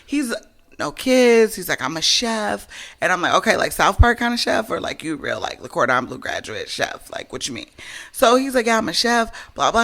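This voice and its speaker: A woman's voice: mid-range voice, big pitch swings, moderate pace, fairly bright tone. A woman co-hosting a podcast, bluntly and profanely retelling a dating story and acting out both sides of each exchange. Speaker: podcast co-host. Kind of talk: casual storytelling chat.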